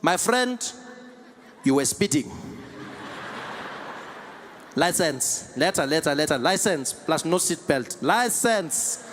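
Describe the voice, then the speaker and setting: A man voicing a brisk, bossy traffic policeman who speaks in curt, clipped demands in a stand-up routine. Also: fairly high pitch, animated, fairly bright tone.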